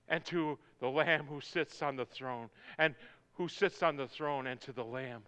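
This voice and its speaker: A male pastor preaching a sermon, building from quiet talk to shouted, soaring lines. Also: fairly high pitch, measured pace, smooth, lo-fi sound.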